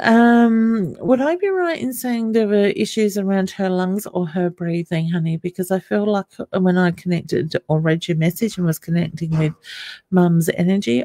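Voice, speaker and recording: Gravelly, soothing woman. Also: on the low side, mellow, dry recording, studio quality. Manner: reassuring, calls viewers honey, rambling filler phrases. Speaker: psychic medium host. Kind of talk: live-stream audience readings.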